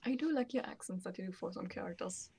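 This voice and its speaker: A woman's voice: mid-range voice, lively intonation, fast talker, creaky, a little mellow, husky. A woman in a tabletop group, speaking briefly in a casual chat.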